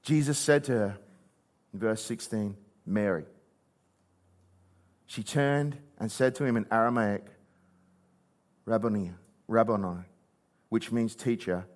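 A man preaching a sermon, reading scripture and acting out the figures' words, moving between loud and hushed. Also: mid-range voice, moderate pace. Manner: expressive, acts out quoted voices, shifts from loud to hushed.

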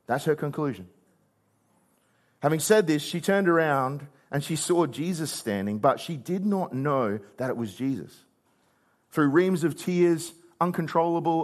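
A man preaching a sermon, reading scripture and acting out the figures' words, moving between loud and hushed. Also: fairly high pitch. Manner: expressive, acts out quoted voices, shifts from loud to hushed.

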